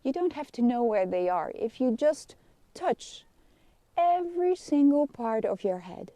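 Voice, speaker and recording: A middle-aged woman with a Dutch accent leads a live wellness lesson in a gentle, soothing way. Her voice sits a little high but sounds mellow and warm. The sound is close and dry. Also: big pitch swings, a little slow, dry recording. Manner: gentle, soothing guidance with frequent soft laughs. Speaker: kinesiologist.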